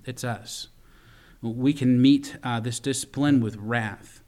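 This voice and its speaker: A man delivering a sermon as the pastor, with a voice of middling pitch. He switches from loud, emphatic storytelling to quiet asides to the congregation, and repeats words and restarts lines as he goes. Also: slow pace.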